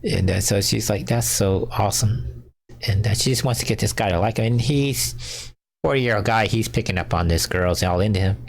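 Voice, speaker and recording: Low gravelly man musing on stream. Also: fairly quick. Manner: rambling, many fillers, chuckles often. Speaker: fan fiction writer hosting a livestream. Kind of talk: casual livestream talk.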